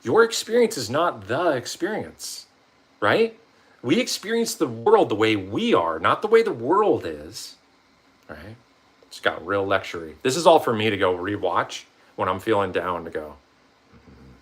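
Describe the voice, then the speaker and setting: Man, casual vlogger, rambling motivational talk, frequent swearing, breathy edge, very animated pitch. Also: moderate pace. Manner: swearing, rambling, animated quoting of himself and others.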